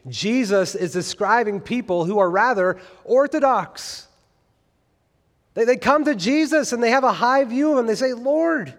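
A man's voice: high voice, big-room sound. A man preaching a sermon as pastor, earnest and building to emphatic peaks on key phrases. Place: church sanctuary.

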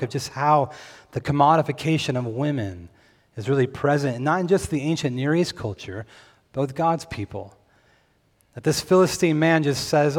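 A man preaching a sermon, conversational and given to jokes with his congregation. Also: on the high side. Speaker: pastor. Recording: long reverb, hall.

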